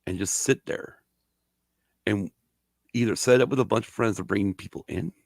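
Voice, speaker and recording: Brief: middle-aged male podcast host, gravelly, lively swearing storyteller, dry close sound. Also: fairly low pitch, moderate pace, dry recording. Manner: profane, animated storyteller. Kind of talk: casual storytelling chat.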